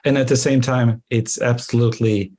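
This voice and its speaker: A man's voice: medium pitch, fairly even intonation, normal speed, dark tone. A man on a webinar panel, speaking earnestly and emphatically as he explains ideas over a video call. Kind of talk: conversational panel discussion.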